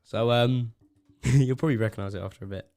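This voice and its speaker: A man's voice: medium pitch, fairly quick, creaky, dark tone. A man co-hosting a casual podcast, telling a long rambling joke with frequent laughs and trailing asides. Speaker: podcast co-host. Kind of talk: casual chat.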